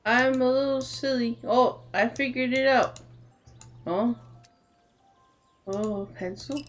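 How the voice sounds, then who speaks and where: A woman streamer chatting casually while playing, loud, excitable and self-mocking. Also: fairly high pitch, takes it slowly, faint music behind. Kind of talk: casual live gameplay chatter.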